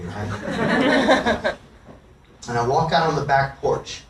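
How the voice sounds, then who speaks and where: A middle-aged man tells a confessional story to a live audience, cursing freely and swinging between loud outbursts and hushed asides. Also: a little high, very animated, drawn-out words, long pauses, a little hiss or hum. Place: live music venue. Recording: echoey live room, from far off.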